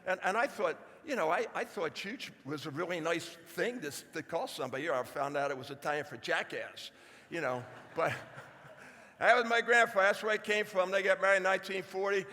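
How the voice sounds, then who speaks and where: A man's voice: sits high, fairly quick, pushed and bright, big-room sound. A man in his seventies gives a folksy, joking speech to a live audience, talking straight to the crowd. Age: 70s. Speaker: speaker. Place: large hall before an audience.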